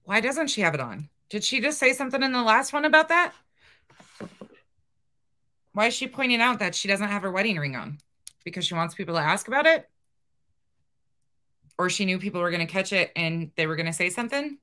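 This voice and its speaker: A woman casually commenting on video clips she is watching, with wry, drawn-out asides. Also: mid-range voice, expressive, pushed and bright. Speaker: reaction commentator.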